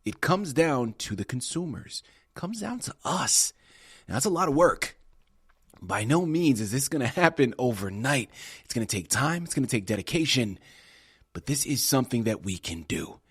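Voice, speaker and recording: A man hosting a radio interview, wrapping up with an energetic, emphatic pitch aimed straight at the listeners. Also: normal speed, husky, no echo, studio quality. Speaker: radio show host. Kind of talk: interview host wrap-up.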